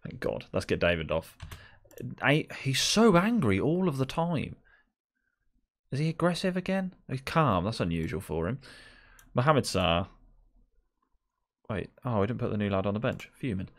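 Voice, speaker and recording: A man's voice: mid-range voice, sing-song, moderate pace, long pauses. A young man gives chatty, exasperated live commentary on a game, talking to the players on screen. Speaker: gaming video creator.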